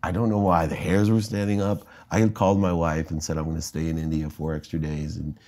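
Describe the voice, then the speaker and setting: Brief: middle-aged American male guest, low mellow voice, animated storyteller who acts out quotes. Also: fast. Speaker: interview guest, entrepreneur. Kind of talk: candid storytelling in conversation.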